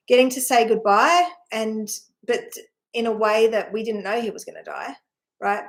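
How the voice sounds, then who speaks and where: A woman giving a personal spiritual talk, telling her story in a heartfelt, rambling way with sighs, often checking in with "right?". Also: mid-range voice. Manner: earnest, emotional storytelling with sighs. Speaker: spiritual teacher.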